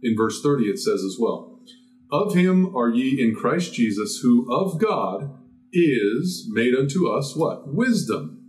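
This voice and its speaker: A man's voice: mid-range voice, sing-song, slow pace. Man preaching, emphatic Bible teacher. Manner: explanatory, rhetorical questions, emphatic rises.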